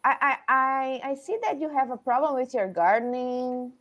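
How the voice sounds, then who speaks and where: A woman's voice: sits high, moderate pace, fairly bright tone, highs cut off. A woman speaking as a player in a tabletop game, hesitant and prone to restarting her sentences.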